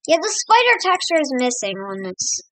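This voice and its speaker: A woman's voice: high-pitched, big pitch swings, normal speed, sharp tone, a little hiss or hum, low-quality recording. An American woman hosting a let's play, giving casual, rambling gameplay commentary and chatting to her in-game pets. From United States.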